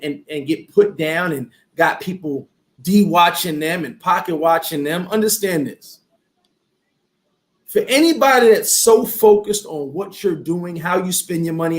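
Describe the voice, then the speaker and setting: A man hosting a casual talk show, speaking in a lively, preachy motivational way. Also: sits high. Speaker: host. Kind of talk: casual chat.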